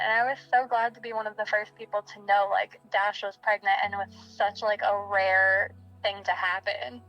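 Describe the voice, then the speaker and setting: Young woman, halting and soft, lots of likes and ums, kinda gravelly. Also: medium pitch, flat delivery, faint music behind, poor audio. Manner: halting, soft-spoken, with fillers like "like" and "um". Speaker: friend of a murder victim. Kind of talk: personal interview recollection.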